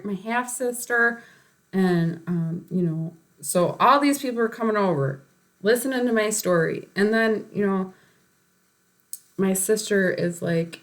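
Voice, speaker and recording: A woman's voice: medium pitch, normal speed. A woman telling a personal spiritual story in a rambling way, with many fillers and short laughs.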